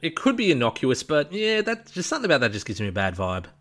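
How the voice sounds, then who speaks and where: A man, co-hosting a casual political chat in a measured, plain-spoken way. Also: fairly high pitch, wildly swooping pitch, a bit bright. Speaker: podcast co-host.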